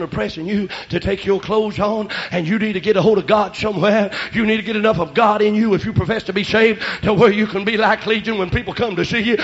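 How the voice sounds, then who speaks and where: A man preaching a revival sermon and telling his testimony, shouting in bursts, then dropping to quiet asides. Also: high voice. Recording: lo-fi church recording.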